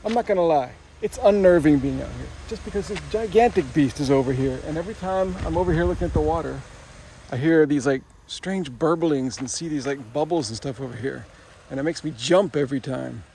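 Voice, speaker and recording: Chatty man with a gravelly voice. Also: fairly high pitch, a little fast, dark tone, a little hiss or hum. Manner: chatty, wry and self-mocking. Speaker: travel vlogger. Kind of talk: casual travel vlog narration. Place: outdoors by a swamp.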